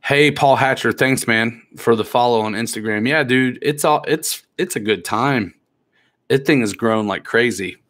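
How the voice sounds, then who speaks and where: Reading viewer comments out loud and poking fun at people in the chat, this relaxed, joking live-stream host speaks at a moderate pace. His voice is medium-pitched with a fairly bright tone.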